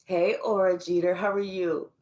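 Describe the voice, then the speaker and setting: A woman's voice: fairly low pitch, level tone, normal speed, a little mellow. A woman spiritual card reader giving a livestream reading to viewers, talking emphatically with lots of swearing and teasing.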